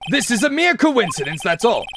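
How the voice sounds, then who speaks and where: A man's voice: high voice, sing-song, a little fast, gravelly, background noise, exaggerated voice. A man voicing an arrogant older male prosecutor who speaks in a scornful, dismissive way.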